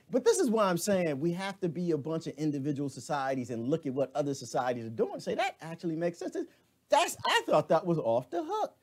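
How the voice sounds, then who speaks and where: A man talks straight to his stream viewers in a loose, colloquial rant. His pitch jumps around a lot, and he keeps laughing and throwing in side comments. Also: darkish tone. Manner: colloquial, drawling asides. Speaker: live stream host. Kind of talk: casual ranting monologue.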